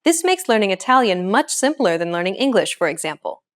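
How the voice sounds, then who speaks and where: A woman hosting a language lesson, explaining pronunciation in clear, encouraging scripted narration. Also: medium pitch, big pitch swings, fairly quick.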